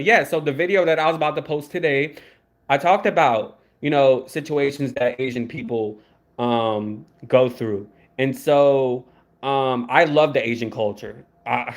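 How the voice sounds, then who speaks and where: Rambling young man on a livestream. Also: medium pitch. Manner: rambling, repeats words, swears freely. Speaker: YouTube commentator. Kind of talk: casual livestream commentary.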